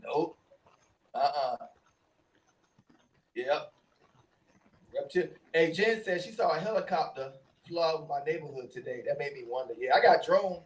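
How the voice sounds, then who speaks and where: High-voiced man telling stories. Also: normal speed, long pauses, recorded from a distance, poor audio. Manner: animated storytelling, laughs often. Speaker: co-host. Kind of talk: casual chat.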